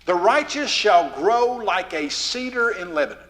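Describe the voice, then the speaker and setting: A man with a Southern drawl giving a lively, folksy lesson to a youth rally in a church, quizzing the crowd as he goes. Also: high-pitched, measured pace, big-room sound. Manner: asks the crowd questions, folksy and animated. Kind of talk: lively teaching talk to teens. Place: church hall, live audience.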